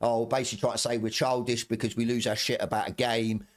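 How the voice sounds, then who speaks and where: A middle-aged man vents on his stream in a heated, profane rant. He stumbles, restarts and repeats phrases as his temper climbs, with an average-pitched voice. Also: flat delivery, quick pace. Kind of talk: angry ranting commentary.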